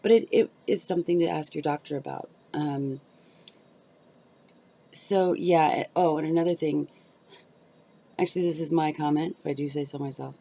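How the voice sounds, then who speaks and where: A middle-aged woman YouTuber chats casually to camera from home in a low, steady, mellow voice at normal speed, pausing often. She rambles with many fillers, recorded on a cheap built-in camera mic that gives a dull lo-fi sound.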